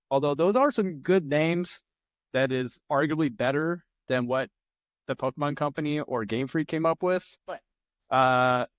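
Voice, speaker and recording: A man's voice: fairly high pitch, clean tone, dry recording. A man hosting an online trivia night from his home, reading out answers with loose, joking, sometimes profane asides. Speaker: trivia host. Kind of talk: casual live-stream trivia hosting. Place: home room with a large plant behind him.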